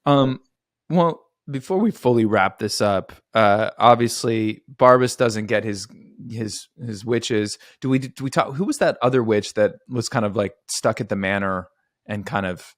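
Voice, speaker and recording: A man co-hosting a recap podcast, teasing and firing quick questions in relaxed banter. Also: fairly low pitch, dry recording, clean studio sound. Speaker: podcast co-host. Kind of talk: casual chat.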